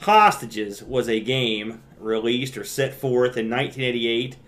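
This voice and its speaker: A man co-hosting a casual podcast chat, joking around and acting out his own past reactions in an animated way. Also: mid-range voice, measured pace. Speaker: podcast co-host. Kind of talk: casual retro gaming chat.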